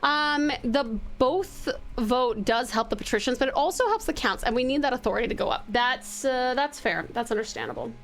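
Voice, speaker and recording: An Australian woman streaming a game, chatting warmly with viewers and reading the game's narration. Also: high-pitched, expressive, moderate pace, soft background music. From Tasmania, Australia. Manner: bubbly and affectionate with chat.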